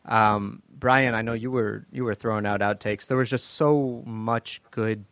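Low-voiced man hosting a casual chat. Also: steady tone, unhurried, fairly bright tone, no echo. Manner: loose, laughing storyteller with many fillers. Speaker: podcast host.

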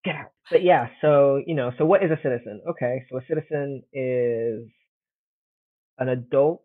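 A man in relaxed academic chat, thinking aloud with frequent restarts and self-deprecating asides. His voice comes through a thin, phone-like line. The sound is close and dry. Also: medium pitch, moderate pace, dry recording. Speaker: podcast co-host, classics scholar.

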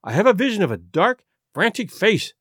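A man reading the part of a frightened aristocratic woman confessing in a rush, with a lively, rising and falling voice in a dry recording. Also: high voice, fairly quick, slightly rough, no echo, full character voice. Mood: anxious.

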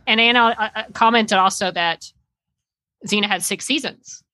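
A woman's voice: medium pitch, moderate pace, bright, forceful tone, no echo, low-quality recording. A woman co-hosting a podcast in casual chat, chatty and often restarting her sentences mid-thought. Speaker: podcast co-host.

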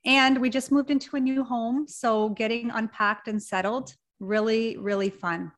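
A woman's voice: a little high, fairly even intonation, moderate pace. A woman from Canada, a podcast guest, chatting in a giggly, upbeat way. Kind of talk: casual interview chat.

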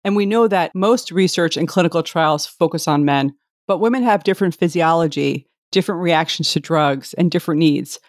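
A woman's voice: on the low side, normal speed, no echo, studio quality. Polished woman interview host. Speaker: podcast host. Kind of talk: scripted interview questions.

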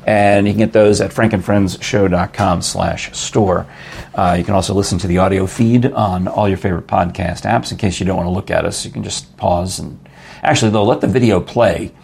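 Gravelly, low-voiced older New man. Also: steady tone, brisk, a little mellow. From New York. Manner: chatty, jokey, rambling asides with laughs. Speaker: podcast host. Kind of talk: casual interview chat.

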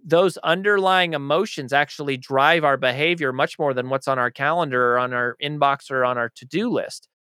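A man's voice: mid-range voice, moderate pace, few pauses, sharp tone, smooth, dry recording, studio quality. A man speaking as an author being interviewed, talking in a passionate, emphatic way. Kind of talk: conversational interview answers.

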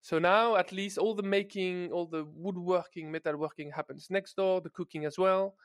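A man's voice: high voice, steady tone, normal speed, no echo, studio quality. A man with a French accent, a guest chatting casually from his home office over a call, playful and hesitant with many restarts. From France. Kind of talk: casual remote podcast chat.

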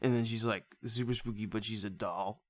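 A laid-back male stoner filmmaker who drawls slow and spacey, put on by a podcaster in casual chat. He sounds half-asleep and pleased with himself. The sound is close and dry. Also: mid-range voice, fairly even intonation, no echo, natural voice.

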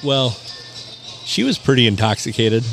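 A man's voice: mid-range voice, expressive, moderate pace, creaky, fairly bright tone, soft background music. A man hosting a casual podcast, laid-back and teasing his co-host in a dry way.

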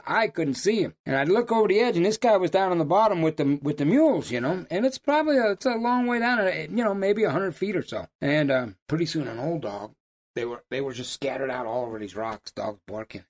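Animated man spinning hunting yarns. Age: middle-aged. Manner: animated yarn-spinner, loud high bursts when quoting. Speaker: lion hunting guide. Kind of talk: casual storytelling chat.

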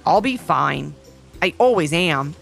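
A woman voicing a grumpy, sassy old male basset hound who grumbles bitterly. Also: lively intonation, slow pace, creaky, a bit bright, soft background music, full character voice.

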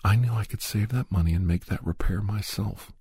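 A man speaking soft, repetitive, earnest self-affirmations in a breathy, half-whispered voice. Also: lowish voice, fairly quick, dry recording, studio quality.

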